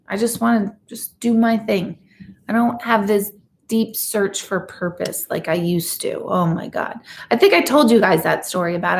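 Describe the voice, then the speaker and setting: A woman's voice: medium pitch, vocal fry. A woman in her forties, an intuitive reader, chatting candidly with her live audience and swearing freely. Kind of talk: casual livestream chat.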